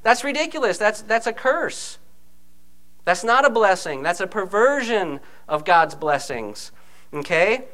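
A man preaching a conversational sermon, animated, often checking in with his listeners by asking "okay?". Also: high voice, measured pace. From United States.

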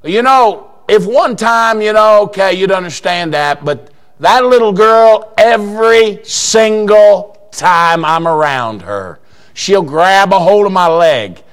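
Older preacher guy, kinda high voice, slow and drawn out, quiet then hollering. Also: lively intonation. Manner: swings from quiet storytelling to fervent shouting. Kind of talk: sermon storytelling.

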